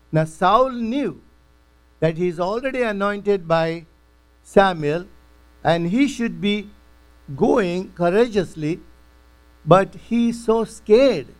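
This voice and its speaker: A man's voice: sits high, rough recording. A man teaching a Bible lesson, retelling scripture in simple everyday words. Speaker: preacher.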